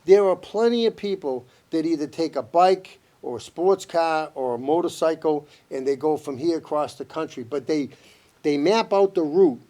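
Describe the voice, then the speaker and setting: A man with a Boston accent, a guest telling stories in a lively, animated way in casual chat. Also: fairly high pitch, normal speed.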